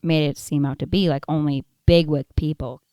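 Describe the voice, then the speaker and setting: A woman's voice: sits low, fairly even intonation, normal speed, mellow, no room sound, studio quality. A woman in a casual podcast chat, mostly chiming in with short agreeing remarks. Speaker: guest.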